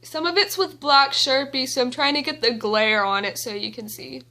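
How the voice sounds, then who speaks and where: A young woman vlogging at home, telling an excited story with giggles and gushing fangirl energy. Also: sits high, moderate pace. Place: indoors at home.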